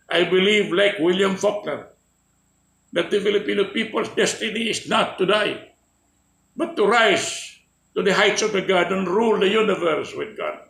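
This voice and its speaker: Male orator, impassioned and emphatic, with a heavily gravelly voice. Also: sits high, fairly bright tone, reverberant, poor audio. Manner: oratorical, slow emphatic declarations. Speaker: political speaker. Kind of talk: impassioned speech.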